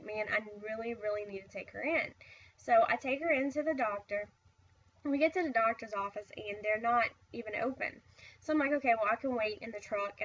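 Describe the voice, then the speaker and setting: A woman's voice: on the high side, fairly bright tone, recorded from a distance, muffled recording, slight background noise. A tired middle-aged woman telling a personal story in a casual, rambling way, full of "I was like" asides. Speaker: vlogger.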